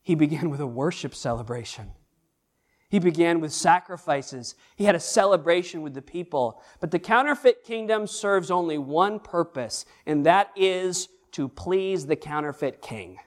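A man preaching a sermon, animated and emphatic, repeating phrases and restarting words as he goes. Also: on the high side, normal speed. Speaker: pastor.

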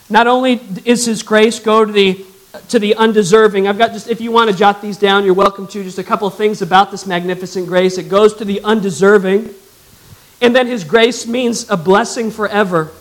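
A man's voice: sits high, moderate pace, low-quality recording. A male pastor preaching a sermon, emphatic and calling on the congregation to answer back. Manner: emphatic, calls for congregation response.

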